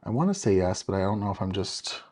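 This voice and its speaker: Man, lively up-and-down pitch, chatty live-stream crafting host, upbeat. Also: fast. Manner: chatty, upbeat, talks to viewers by name while working. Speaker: card-making tutorial host.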